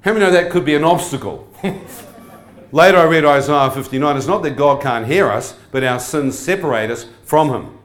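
A man's voice: on the high side, moderate pace. Male preacher, testimony sermon, humorous, quizzes the audience, roomy church sound. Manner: humorous, asks the crowd frequent questions. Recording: echoey hall.

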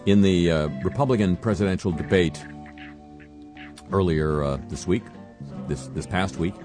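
An older man with a very low voice hosts a satirical radio show, reading news items at normal speed with a dry, sardonic edge. He often halts with fillers and starts over, while faint music plays behind him.

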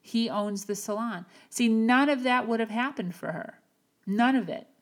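A woman hosting a podcast, giving an earnest, encouraging motivational talk with slow, emphatic phrasing. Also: fairly high pitch. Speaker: podcast host. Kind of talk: motivational monologue.

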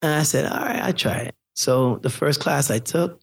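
Animated man telling photography stories. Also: fairly high pitch, moderate pace, vocal fry, hardly any pauses, slightly rough. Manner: animated, acts out quoted voices, laughs often. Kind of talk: interview storytelling.

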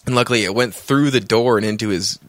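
A man's voice: lowish voice, fast, fairly bright tone, no room sound. A man co-hosting a casual podcast, retelling TV scenes with acted-out quotes and casual swearing. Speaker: podcast co-host. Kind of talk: casual chat recapping a TV episode.

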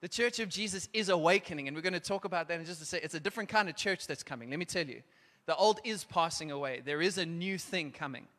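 A man preaching in a church hall, his voice bright and a little high. He presses hard, then drops low and hushed. A long reverb trails each phrase. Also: quick pace. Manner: urgent, rising and falling from emphatic to hushed. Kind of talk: sermon with altar call.

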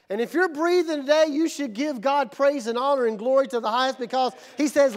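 A male pastor preaching a sermon in a church, moving from calm teaching to shouted, energetic call-and-response. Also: very high-pitched, moderate pace, a faint crowd. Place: church sanctuary.

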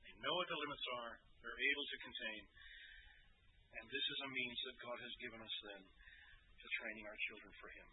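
A man's voice: mid-range voice, animated, moderate pace. A middle-aged man preaching a sermon at a church service, telling a story in a firm, earnest way. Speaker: pastor. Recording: tinny phone-like sound with faint hiss.

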